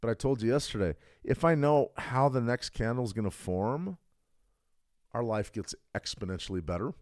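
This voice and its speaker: A man's voice: medium pitch, lively intonation, moderate pace, a little mellow, no echo, clean studio sound. A middle-aged man hosting a trading livestream, talking bluntly and casually, building to emphatic outbursts. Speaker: trading stream host.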